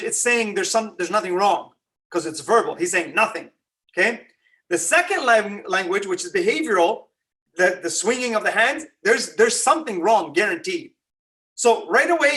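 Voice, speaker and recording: A man giving a conversational religious lecture, animated and quizzing his listeners with rhetorical questions. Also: high voice, recorded from a distance. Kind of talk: Ramadan lecture.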